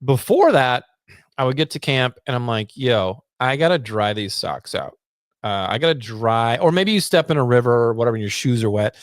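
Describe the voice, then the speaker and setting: A man's voice: medium pitch, a little fast, no room sound, studio quality. A man co-hosting a casual backpacking chat, telling stories and acting out what he said. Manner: animated storytelling, acts out quotes. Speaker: podcast co-host.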